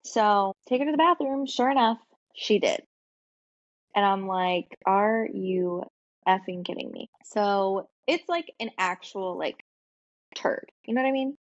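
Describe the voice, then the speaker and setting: A woman co-hosting a podcast, telling a long casual story full of "like" and "um" and quick laughs. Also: mid-range voice, lively intonation, dry recording, muffled recording. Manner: chatty storytelling with frequent fillers and laughs. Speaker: podcast co-host. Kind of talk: casual chat.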